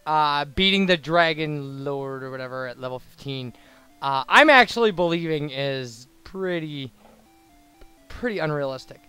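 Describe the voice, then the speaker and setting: A man's voice: on the high side, a bit bright, smooth, no room sound. Rambling man narrating his game play. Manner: rambling, full of restarts and fillers. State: hiccuping. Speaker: let's play host. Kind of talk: casual gameplay commentary.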